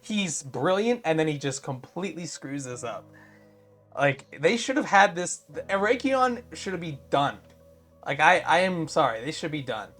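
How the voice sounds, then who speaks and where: A man co-hosting a casual review chat, animated and exasperated, with lots of fillers and restarts. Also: fairly high pitch, moderate pace, faint music behind. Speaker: podcast co-host.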